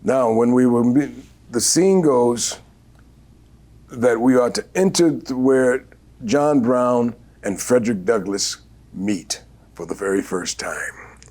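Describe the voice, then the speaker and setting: An older man, a veteran actor, telling stories in an interview in an unhurried, animated way with many fillers and a husky voice. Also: mid-range voice. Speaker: guest actor. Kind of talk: storytelling interview.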